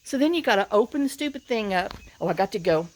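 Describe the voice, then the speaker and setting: This middle-aged vlogger talks fast with lively intonation in a mid-range, slightly mellow voice, with slight background noise. Weary from working in the heat on her rural property, she sighs and rambles to camera with many fillers.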